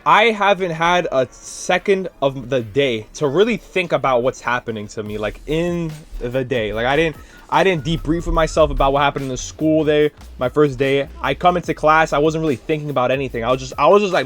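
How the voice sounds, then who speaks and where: Young male vlogger, slightly high voice, tired and rambling, casual storyteller, faint music bed. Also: brisk. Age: young adult. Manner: rambling, animated retelling with many fillers. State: tired, drained. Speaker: student teacher.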